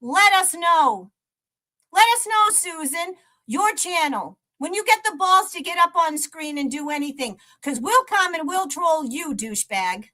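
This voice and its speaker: A woman's high, pushed, bright voice runs at normal speed, animated and with hardly any pauses. On her live stream she curses and taunts a troll in a mocking rant, laughing between jabs.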